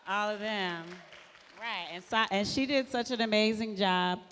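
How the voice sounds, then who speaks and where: A woman filmmaker chatting casually at a premiere panel, relaxed, laughing often and saying "like" a lot. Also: mid-range voice, a little slow, a little hiss or hum. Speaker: filmmaker answering questions at a premiere. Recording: echoey hall.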